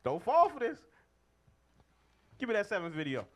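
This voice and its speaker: High, lively preacher man. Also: moderate pace. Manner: emphatic, calls for readings, call-and-response. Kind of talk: street-style sermon to a group of men.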